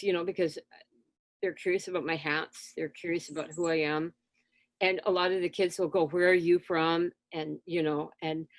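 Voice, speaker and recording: A woman guest in an interview, telling stories in a lively conversational way and acting out exchanges with children. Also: on the low side, no echo. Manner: animated, acts out dialogue with children. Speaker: interview guest, spiritual teacher. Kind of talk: conversational storytelling.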